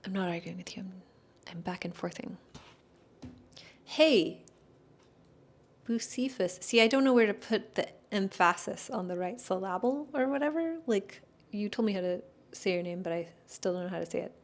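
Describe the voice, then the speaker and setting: A woman's voice: mid-range voice, expressive, normal speed. A woman astrologer in casual chat, answering viewer questions in a rambling, hedging way, full of fillers and self-corrections.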